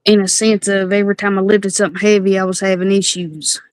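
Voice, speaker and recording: A woman's voice: medium pitch, little pitch movement, fast, no echo. Candid woman guest, dry sound. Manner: candid, confiding. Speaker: guest on a livestream. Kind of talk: casual chat on a livestream.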